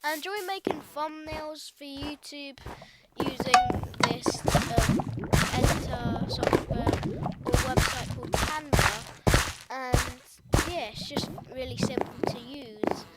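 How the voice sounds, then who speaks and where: A high-pitched woman with a British accent talks loosely into the camera for her gaming vlog, wandering from point to point and stopping to fix her own numbers. Her voice sits under a heavy layer of loud background noise. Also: slow pace. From United Kingdom. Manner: rambling, hesitant, self-correcting with many ums. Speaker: YouTuber. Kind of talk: casual gaming vlog chat.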